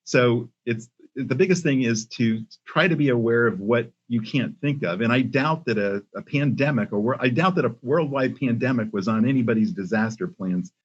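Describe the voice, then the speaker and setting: An older man, a company CEO, speaking as a podcast guest in a measured way with many pauses and restarts. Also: medium pitch, slightly rough. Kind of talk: casual interview talk. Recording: muffled lo-fi audio.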